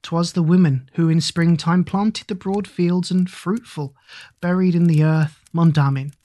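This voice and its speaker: Reader doing long rhythmic poem, steady chant, mid voice, super dry close mic. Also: medium pitch, a little slow, no room sound. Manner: even, rhythmic chanting cadence. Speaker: audiobook narrator. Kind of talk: scripted narration of epic verse.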